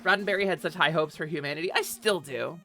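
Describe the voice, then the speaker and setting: A woman's voice: low voice, quick pace, bright, forceful tone, faint music behind. A woman streamer chatting casually and animatedly on a live stream, swearing offhand and laughing often. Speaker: Twitch streamer.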